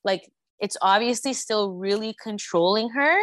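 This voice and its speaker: A woman's voice: medium pitch, normal speed, a bit bright, no room sound, studio quality. A young woman co-hosting a podcast, chatting casually with lots of "like" filler. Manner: casual, filler-heavy, sympathetic. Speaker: podcast co-host. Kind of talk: casual recap chat.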